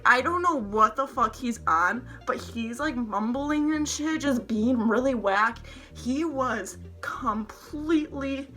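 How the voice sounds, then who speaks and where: A young woman telling a storytime vlog in an excited, rambling, swearing way. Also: fairly high pitch. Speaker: vlogger.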